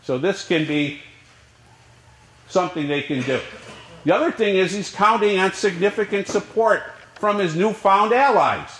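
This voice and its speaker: Lively, echoing male history lecturer. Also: high-pitched, moderate pace, slight background noise. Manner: lively lecturing with rhetorical questions. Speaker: history professor. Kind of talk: classroom lecture. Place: college classroom.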